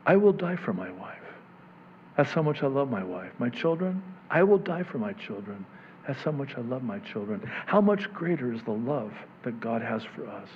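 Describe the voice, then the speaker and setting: A man preaching a sermon as a pastor, swinging from hushed near-whispers to loud, impassioned preaching. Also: medium pitch, sing-song, normal speed, lo-fi sound, a little hiss or hum.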